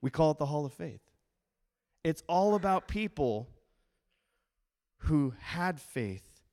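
Middle-aged man, pastor mid-sermon, higher voice with a lot of melodic movement, playful and animated. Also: slow.

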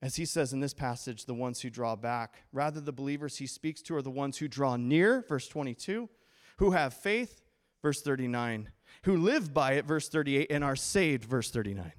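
A middle-aged man preaching a sermon as pastor, playful and animated, acting out quoted voices. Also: medium pitch, normal speed.

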